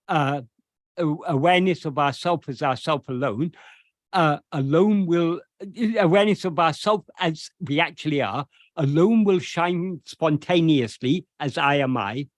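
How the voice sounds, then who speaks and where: A man with a somewhat high voice explains a devotional verse line by line. He talks slowly and deliberately, pausing often with hesitations. The sound is dry and close, with no room around it. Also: no echo. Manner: slow and deliberate, with many hesitations. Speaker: spiritual teacher.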